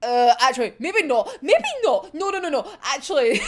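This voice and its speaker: Young woman host, high and animated, excitable and foul-mouthed, casual reaction chat. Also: moderate pace, background noise. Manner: excitable, swears a lot, laughs often. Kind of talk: casual manga reaction vlog.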